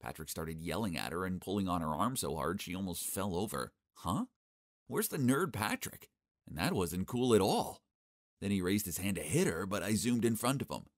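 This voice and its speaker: A young man narrating a first-person animated story in a cocky, sarcastic, expressive way. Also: low-pitched, normal speed, no room sound, studio quality.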